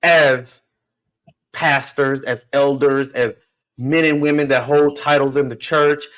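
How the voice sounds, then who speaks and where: A man's voice: medium pitch, fairly even intonation, slow, fairly bright tone, rough recording. A man hosting a podcast, telling a personal story in an emphatic monologue that repeats phrases and addresses listeners directly. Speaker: podcast host.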